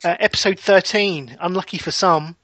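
A young man hosting a podcast in casual chat, chatty and quick to laugh, often restarting his sentences. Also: high-pitched, pushed and bright, no echo. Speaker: podcast host.

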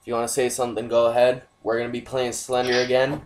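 A man's voice: mid-range voice, monotone, fast talker. Male gaming host, mid voice, casual, sweary, apologetic chatter. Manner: loose, profane and apologetic chatter. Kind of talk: casual gameplay commentary.

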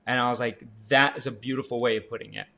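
A man in his thirties giving an energetic sales coaching talk, jumping up in pitch for emphasis and asking the listener questions. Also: fast, creaky. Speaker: real estate agent and sales coach. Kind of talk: motivational sales talk to camera.

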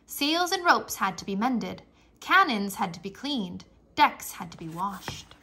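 A woman reading a children's nonfiction book aloud in an expressive storybook manner, with playful exclamations. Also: medium pitch, a little slow, breathy edge. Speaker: reader.

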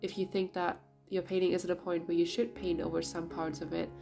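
A woman painter narrating her vlog in a casual voice-over, raspy and a bit sick, talking hesitantly with many fillers. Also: fairly low pitch, flat delivery, fairly quick, over music. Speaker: painter vlogger.

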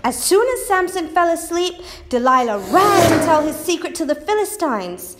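A woman teaching a church lesson, telling a Bible story in a slow, expressive storytelling manner. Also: extremely high pitch, faint music behind.

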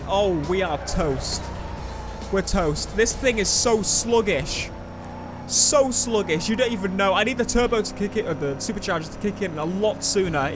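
A man giving excitable let's play commentary over a racing game, swinging between muttering and shouting. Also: sits high. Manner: excitable, shouts and laughs at the race. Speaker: gaming YouTuber. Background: game music and engine sounds.

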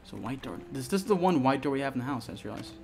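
A man's voice: medium pitch, very fast, creaky, soft background music. A young man giving casual commentary on a horror game as he plays, swearing a lot and easily startled into yelps. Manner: swearing, jumpy and excitable, yelps when startled. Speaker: let's play gamer.

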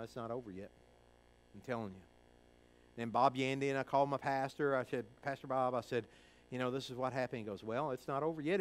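Middle-aged guy preaching, folksy storyteller, does the voices, gets quiet then loud. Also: mid-range voice, clear, resonant tone, low-quality recording. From Kentucky. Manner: folksy, acts out quoted voices, swings from hushed to loud. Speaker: pastor. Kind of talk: sermon storytelling.

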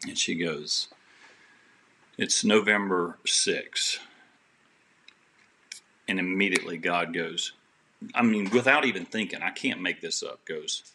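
A man with a deep, gravelly voice shares a personal story as a podcast guest. His tone is bright and forceful, and he speaks in an earnest, rambling way, full of restarts and talk of faith. There is a faint noise behind him. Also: moderate pace.

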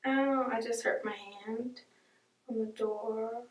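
A woman's voice: on the high side, steady tone, slow pace. A young woman vlogging in a casual, chatty way, full of joking asides and laughs. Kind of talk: casual vlog chat. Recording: echoey room, mic at a distance, faint music.

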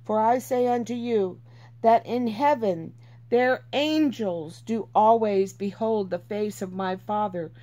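A woman's voice: on the high side, a little mellow. A woman reading Bible verses aloud and teaching from them in an earnest, informal way, repeating herself for emphasis.

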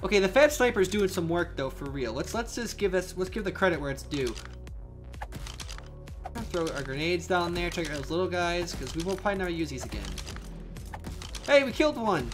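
A young man giving excitable live commentary on a survival game he is playing, with frequent outbursts and laughs. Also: sits high, brisk, long pauses. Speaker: gaming channel host. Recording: faint game music behind.

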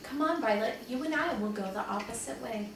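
A woman voicing a calm, protective older brother in a read-aloud storybook, with steady, firm speech. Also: on the high side, fairly quick, noisy background, lightly acted. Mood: urgent. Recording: echoey room, voice from far off the mic.

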